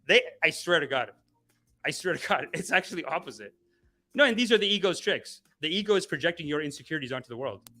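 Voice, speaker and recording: Bright, lively male mock guru. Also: fast. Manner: mock-preachy, playful, mimics people in high voices. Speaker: comedy guru host. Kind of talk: satirical spiritual-guru livestream.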